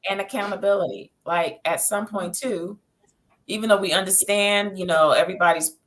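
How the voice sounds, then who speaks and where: A woman's voice: medium pitch, fairly even intonation, moderate pace, fairly bright tone, poor audio. A woman therapist on a panel, speaking directly and emphatically. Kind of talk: panel discussion.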